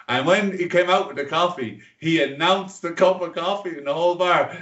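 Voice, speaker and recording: A man's voice: fairly high pitch, fairly quick, a bit bright. A man co-hosting a podcast, telling a funny bar story with laughs. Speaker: podcast co-host. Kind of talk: casual storytelling chat. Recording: roomy, distant, dull mic.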